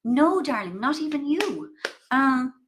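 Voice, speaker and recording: A woman's voice: high-pitched, very animated, unhurried, noisy background. A middle-aged woman with an Irish accent, chatting casually over a video call as an author guest, telling stories with playful asides.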